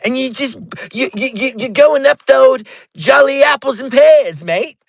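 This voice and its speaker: A man's voice: moderate pace, vocal fry, dry recording. A man putting on a mock British bloke who scolds in an exaggerated, teasing way. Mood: mock scolding. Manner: exaggerated, teasing, high-pitched.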